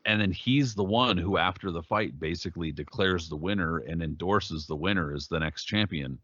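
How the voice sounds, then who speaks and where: Profane male podcast co-host, very low voice, animated storyteller, dry and dull recording. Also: normal speed, no echo. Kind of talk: casual chat.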